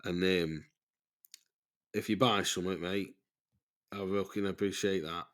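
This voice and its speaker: A man talks loosely through a casual voice-note podcast, his voice sitting a little low. He rambles, stalls and swears freely, and he laughs at his own tangents. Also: fairly even intonation, measured pace, fairly bright tone. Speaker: podcast host.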